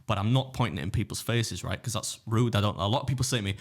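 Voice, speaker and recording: A man's voice: fairly low pitch, rapid-fire. An English man telling a rambling story in a casual podcast chat, with frequent restarts. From England. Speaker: guest, food challenge YouTuber.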